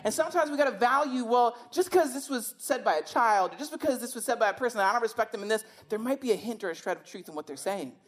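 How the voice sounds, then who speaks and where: A woman's voice: on the high side, expressive, quick pace, hardly any pauses. A woman preaching a sermon in a conversational, emphatic way, often asking rhetorical questions.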